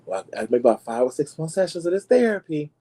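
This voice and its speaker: A man hosting a talk show, gossiping in a sassy, animated way and talking straight to his listeners. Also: fairly high pitch, quick pace, poor audio. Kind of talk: casual gossip commentary.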